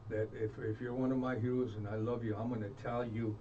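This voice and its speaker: A man's voice: mid-range voice, little pitch movement, dark tone. Male interview guest, earnest storyteller who restarts often; distant, muffled mic with faint hiss. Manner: earnest, halting with many restarts. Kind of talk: reflective storytelling.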